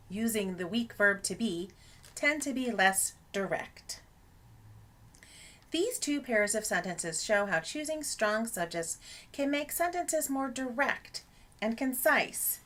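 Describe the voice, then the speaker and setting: A woman narrating a scripted lesson on academic writing as an instructor, in a clear explanatory teaching tone. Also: mid-range voice, lively intonation, takes it slowly, fairly bright tone.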